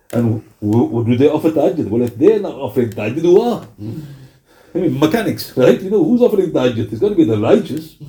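A man's voice: on the high side, dark tone. A man with a British accent giving a sermon in a conversational style, often asking his audience questions. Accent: British English. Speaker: Islamic preacher.

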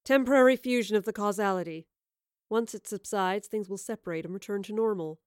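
A woman's voice: mid-range voice, brisk, clean tone, dry recording, studio quality, close to an everyday voice. A woman reading a storybook voices a smug, scheming villainess with a goading, mocking manner.

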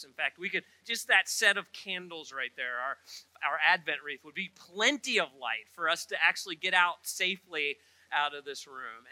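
A man's voice: a little high, pushed and bright, dry recording, poor audio. A middle-aged man, preaching a sermon in a church with humorous storytelling and chatty asides. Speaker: pastor. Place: church auditorium.

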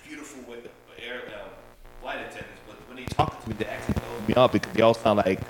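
A man from Nigeria, a guest trading loud, laughing banter in casual chat at a house. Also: medium pitch, a little fast, a little hiss or hum, low-quality recording.

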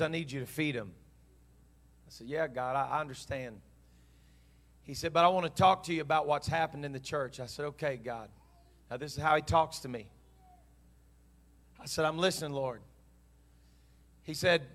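A man's voice: fairly high pitch, normal speed, long pauses, a bit bright. A man preaching a sermon, telling a story in an earnest, heartfelt way and voicing both sides of a dialogue. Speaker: pastor.

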